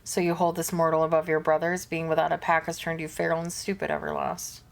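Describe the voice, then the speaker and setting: A woman's voice: low voice, level tone, fast, gravelly. A woman voicing an arrogant, domineering male wolf pack leader, reading game dialogue in a commanding, condescending tone.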